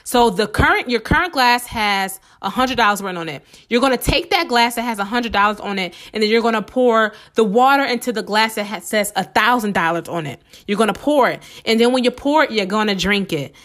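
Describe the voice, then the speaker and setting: A woman hosting a motivational podcast, talking fast and excitedly while she repeats each step, and a little under the weather with a slightly sore throat. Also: on the high side. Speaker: podcast host. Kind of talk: casual motivational podcast talk.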